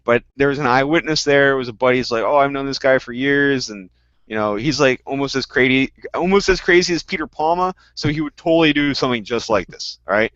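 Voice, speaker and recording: A man of middle pitch telling animated stories in a casual podcast chat, getting loud for the punchlines. His voice is dry and close to the mic. It comes through a dull, lo-fi online call. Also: fast talker, no room sound. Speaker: guest panelist.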